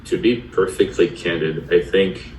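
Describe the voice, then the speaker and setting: Young man, very deep voice, candid reflective talk, set back from mic in an echoey room. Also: unhurried. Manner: candid, reflective, animated storyteller. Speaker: podcast guest. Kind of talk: casual conversation. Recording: echoey room, distant mic, faint noise.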